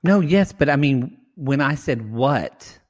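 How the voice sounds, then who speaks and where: A man's voice: medium pitch, animated, slow. A man, co-hosting a podcast in a rambling, chatty way, addressing listeners as y'all. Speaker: podcast co-host. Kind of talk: casual chat recapping reality TV.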